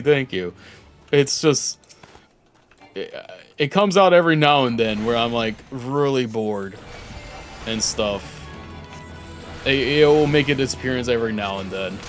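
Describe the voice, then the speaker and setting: A young man streaming a game, rambling casually and joking at himself. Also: medium pitch. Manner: rambling, self-deprecating, reads game text aloud. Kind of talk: casual gameplay commentary.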